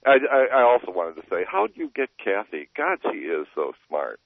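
A man's voice: lowish voice, big pitch swings, a little fast, no echo. An older man calling into a radio show, chatty and jumping between topics, laughing often. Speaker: caller. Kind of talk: call-in phone conversation. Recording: tinny phone line over radio.

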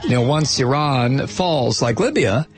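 A man's voice: mid-range voice, very animated, measured pace, faint music behind. A man hosting a talk show, reading news reports aloud with many fillers and breaking off into scornful remarks. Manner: hesitant, with frequent fillers. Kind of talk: news commentary with sardonic asides.

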